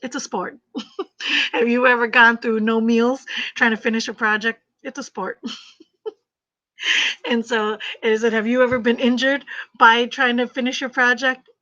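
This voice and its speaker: Chatty bright-voiced woman on a livestream. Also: on the high side, level tone, measured pace, pauses often. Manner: chatty, emphatic, laughs often, repeats phrases. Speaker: crochet livestream host. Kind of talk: casual livestream chat while crocheting. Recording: slightly muffled livestream audio.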